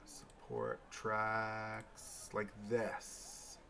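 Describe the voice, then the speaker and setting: Male livestream host, gravelly bright voice, unhurried chatty commentary while building. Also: fairly low pitch, slight background noise. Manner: thinks aloud, chatty, bursts of excitement. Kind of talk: casual live gameplay commentary.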